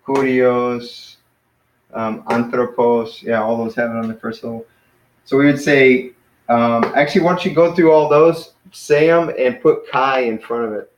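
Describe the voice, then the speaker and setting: A man's voice: medium pitch, roomy sound, slight background noise, low-quality recording. A man casually teaching Greek pronunciation to a class, hesitant and self-correcting as he explains. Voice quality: hesitant, many fillers and restarts, self-correcting.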